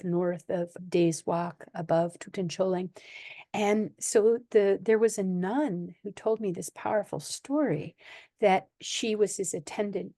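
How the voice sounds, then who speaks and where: A woman from the United States, a podcast guest telling animated anecdotes in conversation and laughing often. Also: lowish voice, dry recording, studio quality. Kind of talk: conversational storytelling.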